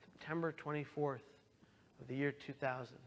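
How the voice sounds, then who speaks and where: A man's voice: medium pitch, steady tone, normal speed, gravelly, lo-fi sound, a little hiss or hum. A man in his thirties giving an earnest, emotional talk about his own experience, sometimes voicing the people in his story. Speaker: speaker. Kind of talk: personal testimony talk.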